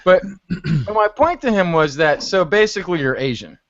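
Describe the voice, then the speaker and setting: A man chatting on a video call in a lively, up-and-down voice that sits a little high for a man, acting out the conversations he retells. The call audio is dull and lo-fi, and the sound is dry with no room in it. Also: normal speed, dry recording. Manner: animated storytelling, acts out quoted exchanges. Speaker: hangout panelist. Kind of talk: casual group video chat. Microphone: computer mic on a video call.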